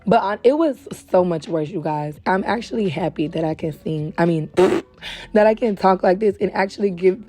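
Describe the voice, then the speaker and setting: A young adult woman hosting a casual wig tutorial, chatty and friendly with viewers, a little hoarse and short of breath. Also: lowish voice, normal speed, dark tone. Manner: chatty, calls viewers girl and baby. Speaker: beauty supply wig stylist host. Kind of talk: casual tutorial talk to camera. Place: indoors at home.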